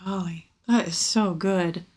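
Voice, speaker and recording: A woman's voice: on the low side, steady tone, a little slow, darkish tone. A woman co-hosting a faith podcast, speaking earnestly and reflectively and asking her co-host questions. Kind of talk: candid faith conversation.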